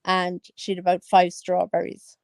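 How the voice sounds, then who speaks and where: A woman in her thirties chats through her opinions, breaking into exclamations and laughs. Her voice has a gravelly edge. The sound is dry and close. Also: lowish voice, monotone, a little slow, darkish tone, dry recording. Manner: gossipy, exclaims and laughs often. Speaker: commentary vlogger. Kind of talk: casual chat.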